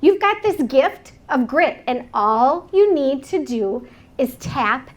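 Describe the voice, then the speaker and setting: A woman's voice: high voice, very animated, takes it slowly. A woman in her forties giving an inspirational keynote talk on stage, telling her story earnestly with self-mocking humor. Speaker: motivational speaker. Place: event stage before an audience.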